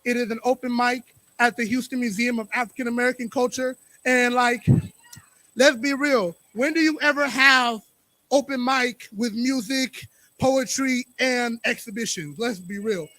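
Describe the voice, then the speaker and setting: Brief: young male spoken word poet, very high bright voice, rhythmic punchy delivery, dry sound. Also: fairly even intonation, no echo. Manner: loud hype, then rhythmic rapid poem delivery. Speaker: featured poet. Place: open mic venue.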